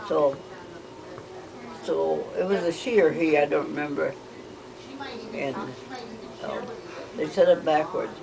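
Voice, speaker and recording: An older woman telling rambling family stories, halting with frequent restarts. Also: low voice, gravelly, a crowd in the background, poor audio. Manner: hesitant, halting, with many restarts. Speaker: interviewee.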